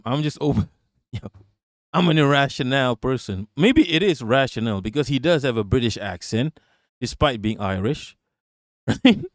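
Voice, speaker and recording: A man's voice: mid-range voice, animated, normal speed, no echo, studio quality. A man doing casual live-stream political talk and reading chat. He is blunt and profane, laughs often, and repeats himself.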